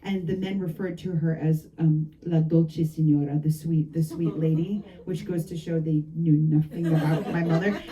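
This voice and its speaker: A woman novelist telling anecdotes about her book at a bookshop event, lively and laughing often between asides. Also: deep voice, moderate pace, hardly any pauses, distant mic, poor audio. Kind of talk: storytelling talk at a book event.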